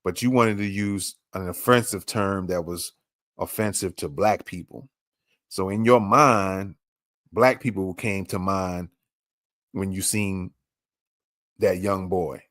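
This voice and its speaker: Guy hosting a podcast, fired up, keeps firing rhetorical questions, low voice. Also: fairly even intonation, takes it slowly, pauses often, fairly bright tone, dry recording, clean studio sound. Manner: emphatic, piles up rhetorical questions. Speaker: podcast host. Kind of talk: commentary on a played clip.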